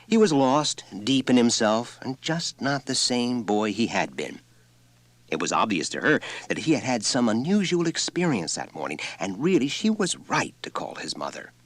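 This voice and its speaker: A man narrating a story in an expressive, lively reading. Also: mid-range voice, moderate pace, dry recording. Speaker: audiobook narrator.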